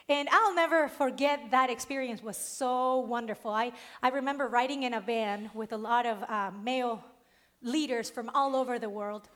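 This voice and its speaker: A woman preacher with an accent, giving a sermon and telling a personal story in a lively way with frequent laughs. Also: a little high. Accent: non-native accent. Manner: lively storytelling, laughs often, stresses key words.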